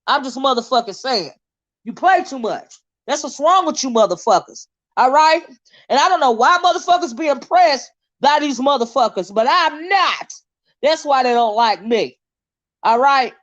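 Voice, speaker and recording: On a lo-fi recording, a woman from the United States who runs her own channel delivers an angry ranting monologue, cursing, confrontational and repeating insults. She speaks at normal speed in a high, animated voice.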